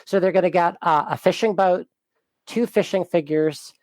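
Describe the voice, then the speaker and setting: A man's voice: sits high, normal speed, darkish tone, no room sound. Easygoing man as a podcast guest. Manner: easygoing, laughs often. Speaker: guest, small business owner. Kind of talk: casual conversation.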